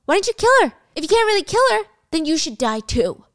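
A woman voicing an angry, desperate teenage boy who shouts accusations at his friend in a drama recap. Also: sits high, expressive, moderate pace, no echo, clean studio sound, voice pushed up. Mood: accusing. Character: furious, desperate teenage boy, a trapped mafia player.

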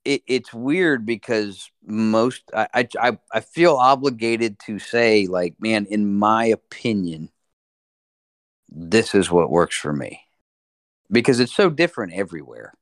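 A man, a podcast guest, in casual chat and explaining things in a relaxed way. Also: fairly low pitch, a little slow, no room sound, clean studio sound. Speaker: podcast guest, fishing industry sales director.

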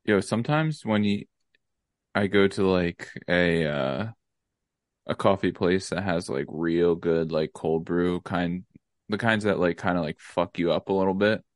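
A man's voice: low-pitched, measured pace, no room sound, studio quality. A young man co-hosting a podcast, laid-back and rambling with lots of fillers in casual chat. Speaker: podcast co-host.

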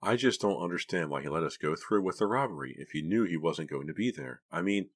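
A man's voice: low voice, expressive, a little fast. Man voicing a nervous teenage girl. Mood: uneasy. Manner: uneasy, nervous questioning. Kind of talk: audiobook reading.

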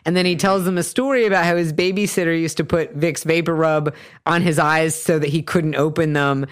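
A woman co-hosting a casual podcast chat, retelling a film scene with lively storytelling and casual swearing. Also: low-pitched, a little fast. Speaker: podcast co-host.

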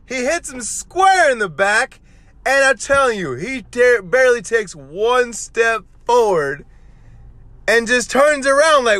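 A man with a very high, bright voice rants excitedly as the host of his own podcast. His pitch swings widely as he tells the story, and he swears freely. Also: normal speed. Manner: profane, excitable, animated storytelling. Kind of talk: excited solo podcast rant.

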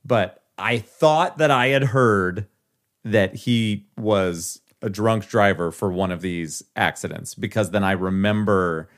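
Male podcast co-host, lowish voice, reads news with dry asides in casual chat. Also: takes it slowly. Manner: wry, reads an article aloud with asides.

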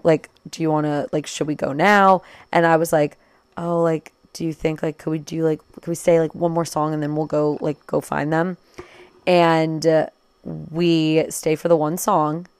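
A woman in her twenties telling a casual storytime, chatty and quick, full of "like" and acted-out quotes. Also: low-pitched, darkish tone, clear, resonant tone, no echo. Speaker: vlogger.

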